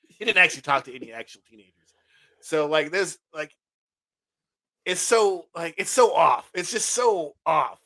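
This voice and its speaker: A man's voice: a little high, animated, moderate pace, pauses often, sharp tone, no room sound. A man in his late thirties co-hosting a casual podcast, laid-back and giggly, often restarting his sentences. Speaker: podcast co-host.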